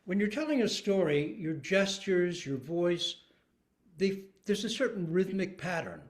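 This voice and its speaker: Expressive older man teaching storytelling. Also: high voice. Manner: expressive, emphatic, halting phrases with vocal bursts. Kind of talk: teaching talk.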